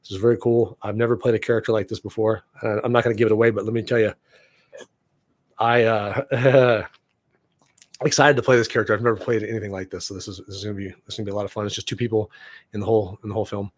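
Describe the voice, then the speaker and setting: A man's voice: on the low side, level tone, fast, no room sound. A middle-aged man chatting casually on a home live stream, rambling with many fillers and restarts. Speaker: vlogger and actor. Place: home room.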